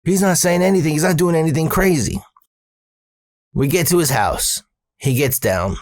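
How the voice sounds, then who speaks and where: A man telling a comedic personal story, animated and full of profanity. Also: a little high, moderate pace, long pauses, no room sound, clean studio sound.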